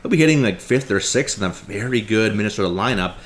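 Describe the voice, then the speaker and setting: A man's voice: lowish voice, animated, fast. A man appearing as a guest analyst, talking casually and reeling off numbers with many fillers. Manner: rattles off stats, many "like" and "you know" fillers. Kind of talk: casual sports chat.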